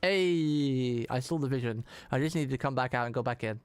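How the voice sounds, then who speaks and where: A man's voice: mid-range voice, rapid-fire, a little hiss or hum. A man streaming a video game, rambling through casual commentary with chatty, jokey asides.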